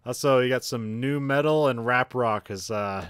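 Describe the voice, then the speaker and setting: A man's voice: mid-range voice, moderate pace, fairly bright tone, clear, resonant tone, no room sound. A man co-hosting a podcast, chatting casually about movies, swearing freely and laughing often. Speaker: podcast co-host. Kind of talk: casual movie review chat.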